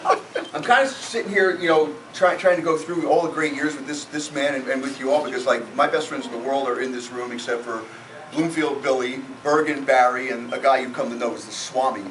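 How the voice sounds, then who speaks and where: In an event room with guests, a middle-aged man from New Jersey roasts himself before his friends, spinning jokey, self-mocking stories. His medium-pitched voice moves fairly quickly, and the audio is noisy, echoey and distant.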